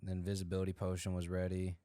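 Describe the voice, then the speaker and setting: A man co-hosting a podcast, chatting casually and excitedly about a video game. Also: low-pitched, fast, slight background noise. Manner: excited, rambling gamer talk. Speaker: podcast co-host. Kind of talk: casual chat.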